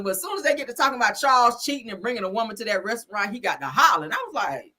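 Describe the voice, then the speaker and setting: A woman hosts a celebrity gossip stream with a sassy, chatty delivery. Her voice is bright and fairly high, swinging widely in pitch as she acts out what people said. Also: sing-song, fast, hardly any pauses, a little hiss or hum. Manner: swears freely, chatty slang. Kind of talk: casual commentary.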